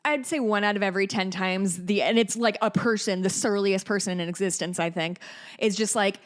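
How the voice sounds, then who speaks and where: Woman, podcast co-host, mid-pitched voice, incredulous, joking, casual swearing. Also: brisk. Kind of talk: casual chat.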